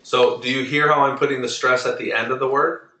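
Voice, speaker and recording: Male teacher, bright voice, drills pronunciation patiently; roomy, distant recording. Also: mid-range voice, steady tone, fairly quick. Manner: patient, explains rules step by step, drills pronunciation. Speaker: Spanish teacher. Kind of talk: online class lesson.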